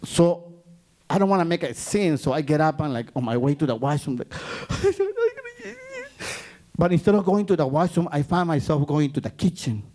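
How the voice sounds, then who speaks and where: A man's voice: a little high, fairly quick. A man from Guatemala, telling a story on stage and acting out the voices of the people in it. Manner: animated, acts out the voices in his story. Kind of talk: live storytelling.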